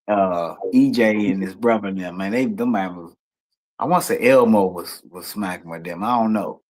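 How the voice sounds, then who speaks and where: A middle-aged guest musician with a Washington D.C. accent tells stories in a casual interview, animated and full of loose slang, acting out the voices he quotes. His voice is lowish, at normal speed.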